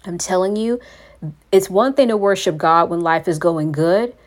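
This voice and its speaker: A woman's voice: lowish voice, normal speed. A woman hosting a faith podcast, talking in an earnest, preachy way and calling her listeners "you all". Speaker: podcast host.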